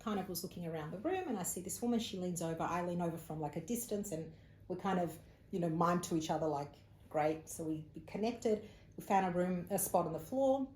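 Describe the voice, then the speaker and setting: Australian woman telling a story in a mellow, lowish voice. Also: brisk. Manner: animated storyteller, acts out quoted speech. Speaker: psychic medium, interview guest. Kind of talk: casual storytelling interview. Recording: echoey room with faint ambient noise.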